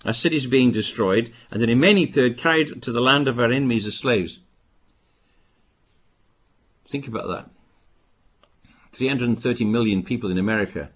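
An older man from Britain preaching a sermon, with emphatic bursts and quieter asides. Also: mid-range voice, moderate pace, long pauses, breathy edge. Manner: emphatic, rising to stress warnings, then dropping to asides.

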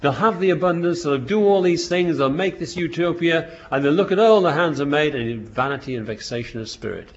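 A man's voice: fairly high pitch, animated, fairly quick, few pauses. Man preaching on a dull lo-fi recording. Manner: reads verses then expounds, with restarts and rising emphasis. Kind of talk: sermon reading and explaining scripture.

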